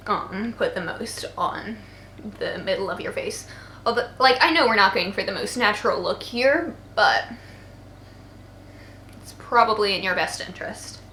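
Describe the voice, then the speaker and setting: A woman's voice: mid-range voice, bright, forceful tone. A young woman in her twenties, tired from poor sleep, talks through a makeup tutorial in a chatty, playful way with joking asides. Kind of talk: casual makeup tutorial narration. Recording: roomy echo, faint background noise. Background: faint voices of people outside.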